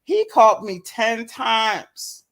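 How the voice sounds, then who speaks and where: A woman's voice: on the high side, very animated, slow, vocal fry. A woman telling a personal story in casual chat, acting out both sides of the conversation and laughing often. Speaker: guest.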